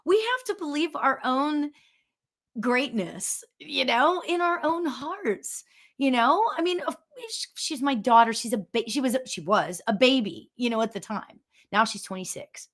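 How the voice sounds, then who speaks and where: This is a woman in her fifties with a notably high voice, chatting casually as the host of a spiritual show. She tells stories with animated energy and breaks into laughter often, heard over a video call. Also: a little slow.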